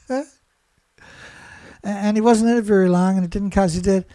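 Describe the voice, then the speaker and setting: High-voiced man, mocking and sarcastic. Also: fairly even intonation, measured pace, dark tone, no echo. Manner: mocking, laughing, rhetorical questions. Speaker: environmental commentator. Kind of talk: sarcastic solo commentary.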